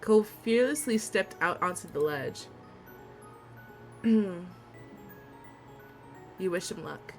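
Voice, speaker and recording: A woman's voice: mid-range voice, expressive, takes it slowly, pauses often. A young woman streaming a visual novel, reading its text aloud and gushing with giggly reactions. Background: faint game music.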